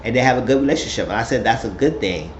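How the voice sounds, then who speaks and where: A man tells the story of a reality episode in a loose, gossipy way. His voice sits at an ordinary pitch. The recording sounds roomy and a bit dull, with a faint hiss underneath. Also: lively intonation, racing. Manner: chatty storytelling, puts on high voices quoting people. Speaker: recap vlogger. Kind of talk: casual reality-show recap.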